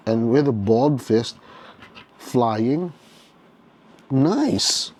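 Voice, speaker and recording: A man talks his way through a toy figure at an easy, unhurried pace, his pitch sitting in a middle range. He thinks aloud, restarts his phrases and keeps checking in with the listener, his enthusiasm for the figure plain in every remark. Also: lively intonation, darkish tone. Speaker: toy reviewer. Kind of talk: casual unboxing commentary.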